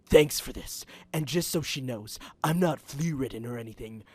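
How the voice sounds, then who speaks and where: A man's voice: medium pitch, normal speed, natural voice. A man voicing a surly, defiant male hedgehog who growls his lines in a comic fan-fiction reading. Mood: sulky. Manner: snarling, hisses and growls.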